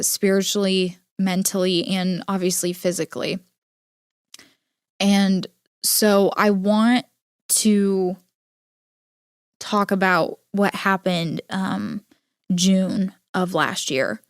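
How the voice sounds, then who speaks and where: A young adult woman hosting a podcast, telling a personal story in an earnest, halting way with many filler words. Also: mid-range voice, fairly even intonation, clear, resonant tone, no room sound, clean studio sound. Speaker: podcast host. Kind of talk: personal storytelling, casual monologue.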